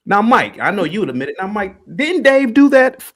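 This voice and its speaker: Taunting male livestream host with a lively voice. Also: sits high, brisk. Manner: taunting, repetitive, calls out a caller. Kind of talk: heated livestream rant.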